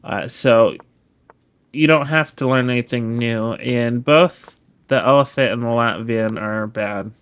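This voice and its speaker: Male chess streamer, casual study commentary, slow drawn-out delivery, self-correcting. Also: mid-range voice, clean tone. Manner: laid-back, explains as he goes, self-correcting.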